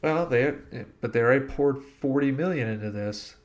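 A man's voice: mid-range voice, moderate pace. A man hosting a casual movie podcast, moving the talk along with upbeat energy. He asks the panel questions and gushes about the scenes he loves. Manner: leads the questions, enthusiastic. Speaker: podcast host.

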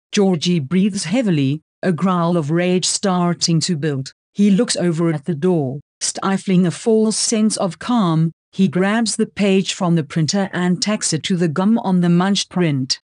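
A woman narrating an audiobook in a measured, matter-of-fact way. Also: on the low side, a little mellow, no echo, studio quality. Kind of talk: scripted narration.

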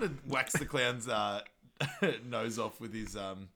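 A man co-hosting a podcast, casually recapping a film, laughing often and loudly acting out quotes. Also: medium pitch, takes it slowly, a crowd in the background. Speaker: podcast co-host.

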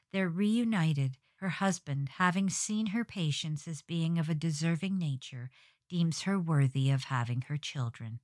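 This podcast host is a woman with a deep voice who tells humorous stories in a dry, scripted manner. She hardens the g's that close her words. The audio has no room reverb and the clean feel of a studio.

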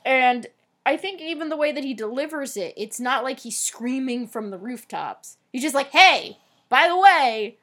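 Chatty young woman with a slightly high voice. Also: normal speed. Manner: chatty and reflective, heavy use of "like". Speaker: podcast co-host. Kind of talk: casual chat.

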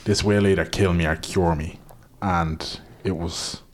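A man chatting casually, rambling quickly and swearing in passing. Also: low voice, fairly even intonation, a little hiss or hum. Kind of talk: casual chat.

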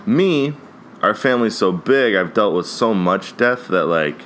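A man's voice: on the low side, lively intonation, measured pace, fairly bright tone, slight background noise. A man in his mid-twenties from Ohio, hosting a casual solo podcast, rambling with lots of "like" and "dude", swearing and laughing often. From Ohio, USA. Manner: frequent fillers "like" and "dude". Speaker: podcast host.

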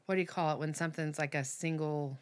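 A woman in her thirties, a podcast guest telling a personal story candidly, with halting restarts and fillers. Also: deep voice, steady tone.

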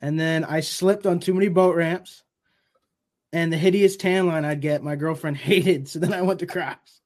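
A man guesting on a podcast, answering questions in an easygoing, relaxed way. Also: a little high, normal speed. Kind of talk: casual chat.

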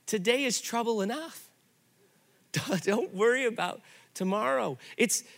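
A middle-aged man pastor giving a sermon, telling stories in an animated, conversational way. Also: high-pitched.

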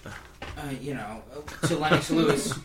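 A man co-hosting a comedy chat, reading quotes with a joking, halting delivery. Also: fairly high pitch, reverberant, recorded from a distance, noisy background. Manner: jokey, hesitant with fillers. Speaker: podcast co-host.

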